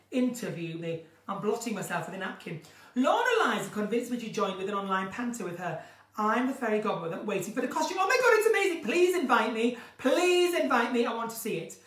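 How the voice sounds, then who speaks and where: A woman from northern England hosts a casual live chat from home, in a room with a window to her garden, reading out viewer questions and answering them in a chatty, theatrical way. Her mid-range voice is a bit bright, and the stream audio sounds roomy and distant.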